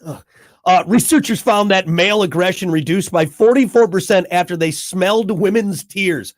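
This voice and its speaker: A man's voice: high voice, normal speed. A man hosting a radio show, reading news items and bantering with a jokey, rambling manner. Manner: jokey, rambling, slips into mock macho rants.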